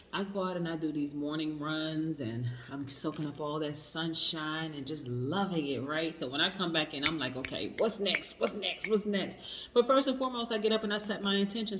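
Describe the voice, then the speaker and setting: An energetic woman reads tarot to her viewers with a pep-talk manner. Her voice sits on the lower side and rings in a roomy space. Faint clicks sound in the background. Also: a little hiss or hum. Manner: energetic, hype-style motivational chatter with affirmations. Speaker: tarot reader. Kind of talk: upbeat tarot reading to camera.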